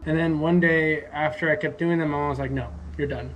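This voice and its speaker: A man's voice: a little high, little pitch movement, fairly quick, fairly bright tone. A man from Oregon casually telling a long story, rambling and full of "like" fillers. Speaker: local farm resident telling a story. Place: outdoors on a farm. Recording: noisy outdoor recording.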